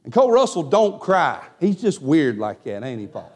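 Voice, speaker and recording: A man preaching, his voice pitched high for a man. He tells a personal story and punctuates it with frequent amens. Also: sing-song, moderate pace. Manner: folksy Southern storytelling with frequent "amen". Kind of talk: sermon.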